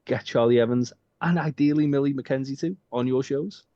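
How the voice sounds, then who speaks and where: A man's voice: medium pitch, moderate pace, mellow, dry recording. A man co-hosting a casual podcast, rambling and joking with lots of swearing and filler ums. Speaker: podcast co-host. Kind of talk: casual chat. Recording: dull dry lo-fi sound.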